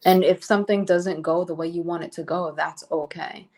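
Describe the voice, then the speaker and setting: A woman with a fairly low voice co-hosts a podcast, chatting casually. She is easygoing and upbeat, laughs often and talks about herself as goofy. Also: steady tone, normal speed, darkish tone. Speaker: podcast co-host. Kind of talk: casual chat.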